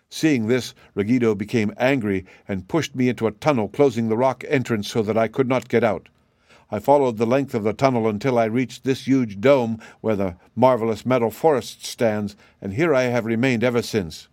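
A man giving scripted storybook narration in a steady, even reading. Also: medium pitch, normal speed, no room sound, clean studio sound.

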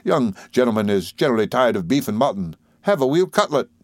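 A man's voice: medium pitch, big pitch swings, fairly quick, no room sound, studio quality, lightly acted. A man voicing a familiar, chatty male inn waiter who talks in a confiding, insinuating way with working-class grammar.

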